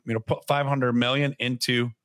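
Man, podcast co-host, sarcastic, rambling, casual chat, mid pitch, dry. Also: flat delivery, moderate pace, fairly bright tone, no echo.

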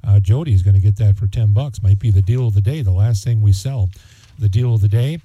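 A man's voice: fairly low pitch, fairly quick, mellow, slightly rough, no room sound. A man hosting a local radio charity auction, reading out winning bids in a folksy, chatty way with plenty of fillers. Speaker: radio host.

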